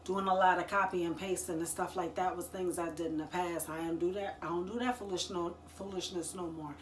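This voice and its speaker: A woman talking casually to the camera, giving business advice in a chatty, slangy and expressive way, laughing often. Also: lowish voice, a little fast, a little hiss or hum. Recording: echoey room.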